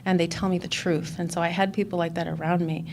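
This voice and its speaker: A woman's voice: lowish voice, little pitch movement, fast talker, gravelly, darkish tone, a little hiss or hum. A woman speaking at a recovery conference, sharing her personal story candidly and reflectively, with fillers and restarts. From Chicago.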